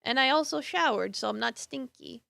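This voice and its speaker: Bright-voiced, giggly young woman streamer. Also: high voice, expressive, moderate pace, creaky, no room sound, clean studio sound. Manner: giggly, chatty, playful. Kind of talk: casual live-stream chat while playing a game.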